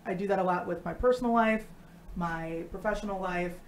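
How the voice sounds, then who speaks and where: A woman co-hosting a live stream, talking casually and bluntly with lots of swearing and animated storytelling. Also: on the low side, fairly quick, a little hiss or hum. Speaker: co-host.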